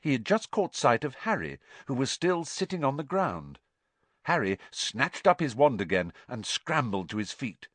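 A man narrating an audiobook with a lively, rising and falling delivery. His voice sits at an ordinary middle pitch, and the recording is close and dry with no room echo. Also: moderate pace. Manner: expressive storytelling.

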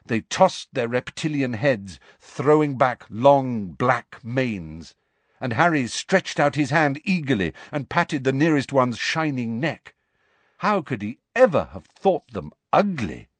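A man narrating a novel as an audiobook, expressive storytelling into a close studio mic. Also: medium pitch, takes it slowly, no room sound.

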